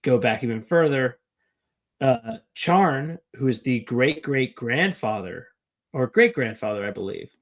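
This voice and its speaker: A tipsy man co-hosting a podcast, rambling and halting through his thoughts about a book series, with lots of fillers. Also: medium pitch, animated. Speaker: podcast co-host. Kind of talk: casual book discussion.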